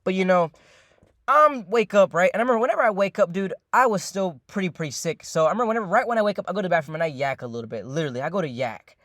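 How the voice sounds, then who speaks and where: Speaking at rapid-fire speed in a high voice, a young man spins a lengthy, meandering tale, swearing casually, repeating himself and using plenty of fillers while calling his listeners "ladies and gentlemen." The sound is studio quality with no echo.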